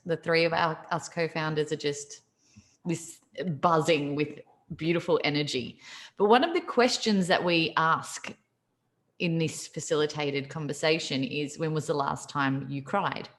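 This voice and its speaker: A woman's voice: deep voice, normal speed. A woman hosting a podcast, asking questions in casual, encouraging interview chat. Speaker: podcast host.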